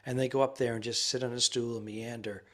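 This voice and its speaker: A man co-hosting a comedy podcast, chatting in a rambling, easygoing way from a quiet ensuite room in a rented house. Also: mid-range voice, steady tone, fast talker, slight background noise. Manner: rambling, easygoing, hesitant with fillers. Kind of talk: casual chat.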